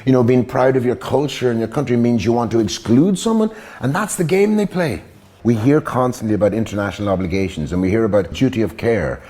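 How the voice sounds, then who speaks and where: An Irish man gives impassioned commentary for a documentary, mid-pitched and emphatic. He sounds indignant and hammers home points with sharp rhetorical questions. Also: a little fast. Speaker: documentary interviewee.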